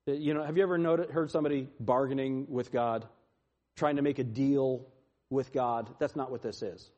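A man preaching a sermon, swinging from loud, pleading lines to hushed, quiet ones. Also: medium pitch, lively intonation, normal speed. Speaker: pastor.

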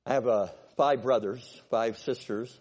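A pastor in his sixties preaching a sermon, exhorting and building to forceful peaks. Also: mid-range voice, steady tone, unhurried, slightly rough.

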